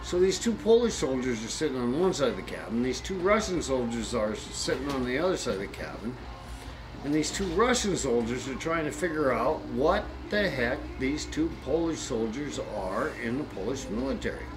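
A man spinning a folksy joke in a rambling, colloquial way. His pitch moves up and down lively, and clear banjo music plays under him. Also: moderate pace, rough recording. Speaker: storyteller.

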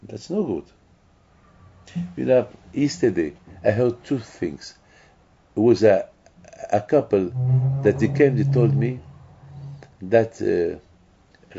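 A rabbi preaches emphatically. He circles back and repeats himself often. His voice is gravelly and husky, and it comes through a dull, lo-fi recording. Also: fairly low pitch, expressive, slow pace, pauses often, mellow. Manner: emphatic, repetitive preaching with restarts. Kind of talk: sermon.

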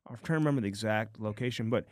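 A man co-hosting a podcast, telling a rambling story in casual chat, saying "dude" a lot and getting animated as he goes. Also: lowish voice, very fast, no echo, clean studio sound. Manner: rambling, says "dude" often, gets animated retelling. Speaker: podcast co-host.

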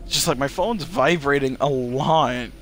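A man's voice: medium pitch, a little slow, soft background music. A man streaming a video game, chatting casually, swearing and laughing, yelping and screaming at sudden deaths. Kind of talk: casual gameplay chat.

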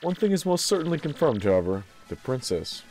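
A man's voice: on the high side, big pitch swings, fairly quick, darkish tone, faint music behind. Dude doing an old witch lady from a game, super polite and sucking up, voice swings around. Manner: fawning, overly polite. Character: old female turtle witch, fussy servant. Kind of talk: voicing game dialogue during a playthrough.

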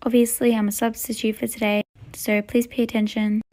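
A woman's voice: a little high, little pitch movement, fairly quick, mellow, natural voice. A woman voicing a stern substitute teacher who lectures the class in a role-play story.

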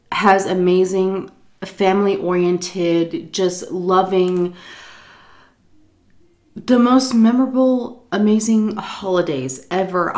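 A woman vlogger telling a story while eating, tipsy from shots, rambling, swearing freely and laughing often. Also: medium pitch. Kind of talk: casual storytime chat.

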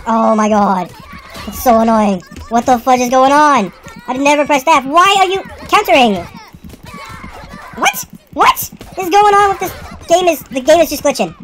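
High-voiced woman gamer, super jumpy pitch, yelling and swearing at the game. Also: expressive, measured pace, slight background noise. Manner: exasperated, exclaiming and cursing at the game. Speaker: let's play gamer. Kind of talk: live gameplay commentary.

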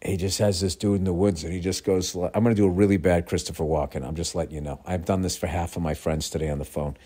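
Lowish-voiced guy rambling about a movie, swearing a lot, casual host chat. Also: quick pace. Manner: rambling, profane, animated retelling. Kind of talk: casual storytelling.

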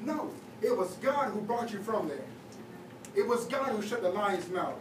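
This youth leader's high voice is animated, though his pace stays measured. The young man delivers a conversational sermon loaded with fillers, recorded at a distance in a noisy, echoey church hall.

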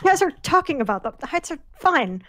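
A woman's voice: sits high, sing-song, fairly quick, a bit bright, no room sound. A woman player bantering casually and laughing with friends. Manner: laughing, teasing. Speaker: roleplay player.

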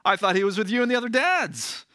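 Insistent mother Mary, voiced by a preacher, lively and dry-sounding. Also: sits high, fast talker, no room sound, pitched above the performer's own voice. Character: exasperated Mary, adult mother.

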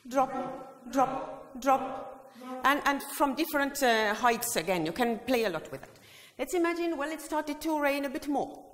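Lady running a choir workshop, bit high voice, big echoey hall. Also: animated, normal speed, few pauses, a bit bright. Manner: leads the audience through vocal exercises, often singing phrases. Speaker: choir education presenter. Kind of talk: workshop demonstration with sung examples. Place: large hall. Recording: long hall reverb.

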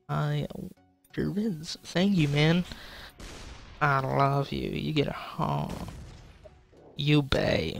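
A man's voice: a little high, extremely slow, vocal fry, pauses often, soft background music. A young man giving casual gameplay commentary, swearing and joking as he plays. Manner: swearing, frustrated, joking, talking to chat. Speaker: gaming YouTuber.

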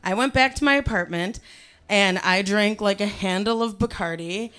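A woman from Cleveland telling her life story to a live audience, profane and animated, swinging from quiet, low asides to shouted punchlines. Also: moderate pace, smooth. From Cleveland, USA.

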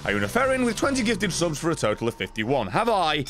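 A young man streaming live gameplay, swearing constantly, thanking donors and breaking into loud shouts. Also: on the high side, huge pitch swings, a little fast. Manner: thanks chat donors between fights.

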